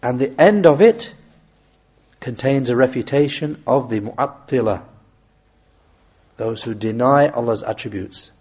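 Male religious teacher, mellow and husky, deliberate and measured explaining, quick recitation. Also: medium pitch. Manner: measured and deliberate, reciting Arabic verses quickly then translating slowly. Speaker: Islamic teacher. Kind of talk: explaining a classical text in a lesson.

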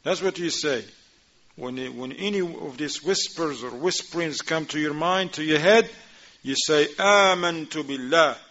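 A man teaching a class, reading Arabic passages quickly and then explaining them in informal, conversational English while asking his students questions. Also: a little high, fairly bright tone. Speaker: religious teacher. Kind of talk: class explaining a religious text. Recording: dull lo-fi recording.

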